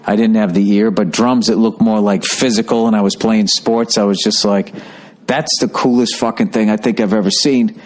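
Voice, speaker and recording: A middle-aged man talking in a rambling, excitable way on a casual podcast monologue, swearing freely. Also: lowish voice, moderate pace. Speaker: podcast host.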